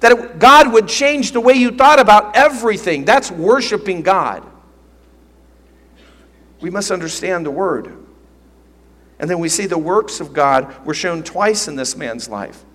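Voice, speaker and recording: Earnest high-voiced preacher in a reverberant hall. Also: male voice, lively intonation, unhurried, pauses often, a bit bright. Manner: earnest, emphatic teaching with repeated phrases. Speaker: pastor. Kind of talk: sermon. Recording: long reverb of a large hall.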